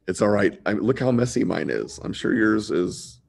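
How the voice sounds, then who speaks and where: A man's voice: on the low side, expressive, moderate pace, gravelly, hardly any pauses, a little mellow, husky. A man teaching a casual live online drawing lesson, laid-back and chatty, talking like a buddy. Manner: laid-back and chatty, says dude a lot. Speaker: drawing instructor.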